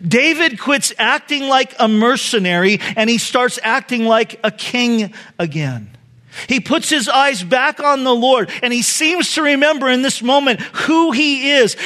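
A man's voice: high voice, fairly bright tone. A middle-aged male pastor preaching a conversational, storytelling sermon to his congregation. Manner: storytelling, conversational with laughs and emphatic retellings. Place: church sanctuary.

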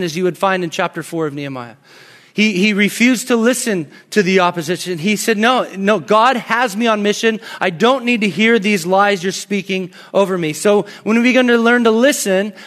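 Male pastor, thirties, high voice, conversational preacher who goes soft and hushed in anecdotes. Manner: conversational storytelling, drops to soft near-whispers in anecdotes. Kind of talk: sermon.

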